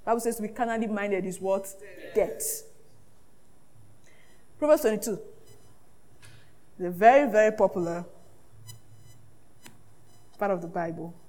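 A woman pastor preaching a sermon, lively and often laughing, acting out the voices she quotes. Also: mid-range voice, unhurried, pauses often.

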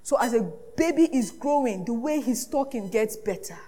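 A woman pastor preaching a sermon, lively and often laughing, acting out the voices she quotes. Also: on the high side, moderate pace.

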